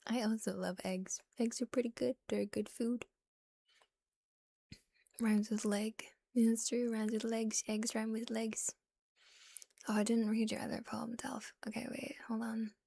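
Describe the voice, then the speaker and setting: A woman streamer softly whispering and rambling with giggles in a relaxed ASMR chat, close to the microphone. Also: a little high, moderate pace, vocal fry, dry recording.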